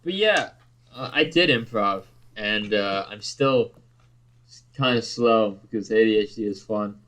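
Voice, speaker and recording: A man's voice: fairly low pitch, unhurried, a bit bright, rough recording. A young man co-hosting a podcast, joking around and hesitating while he searches for his words in a casual chat. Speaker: podcast co-host.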